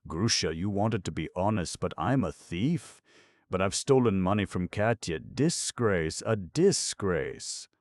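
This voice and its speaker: A man voicing a drunk, passionate young man who talks loud and blustering. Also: deep voice, lively intonation, unhurried, no room sound, clean studio sound, voice pushed up. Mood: ashamed. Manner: blustering, raised voice.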